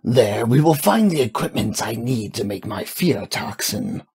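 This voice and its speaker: Man voicing a breathy, slow sinister villain. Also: mid-range voice, expressive, darkish tone, no echo, studio quality, heavily acted. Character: sinister soft-spoken male villain, cold and calculating. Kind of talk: audio fan fiction reading.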